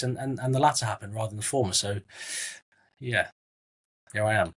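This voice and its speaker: A lowish, fairly bright voice with a breathy edge belongs to this middle-aged Southwest English actor, a guest in an interview. He talks at a moderate pace with long pauses, keeping it chatty with restarts, friendly asides and calling people mate.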